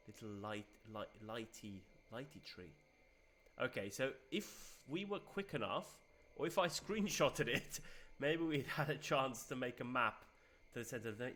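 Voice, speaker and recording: A young man chats through a live game stream, cheerful and easygoing, laughing often between remarks. His voice is bright, with a crisp edge. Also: medium pitch, a little hiss or hum. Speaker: game streamer, community host. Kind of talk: casual live-stream commentary.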